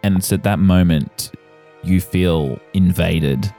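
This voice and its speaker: Gravelly deep-voiced game master. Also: male voice, dark tone, soft background music. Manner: measured descriptive narration. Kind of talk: narrating a tabletop game.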